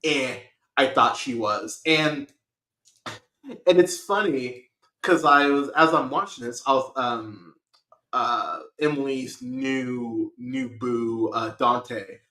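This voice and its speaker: A man hosting a podcast, reviewing a movie in casual chat with animated, profane rants. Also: mid-range voice, slow pace, reverberant, low-quality recording. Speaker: podcast host.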